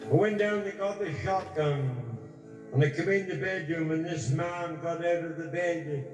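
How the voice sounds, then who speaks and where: A man telling crude jokes who slows down and drags out his punchlines. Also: a little high, steady tone. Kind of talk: crude stand-up joke telling. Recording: echoey room from far off, with music.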